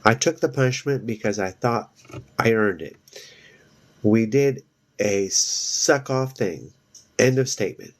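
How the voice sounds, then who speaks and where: An earnest, sincere teenage girl who speaks plainly and slowly, as a male reader voices her. The tone stays low and close to the reader's own. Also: animated.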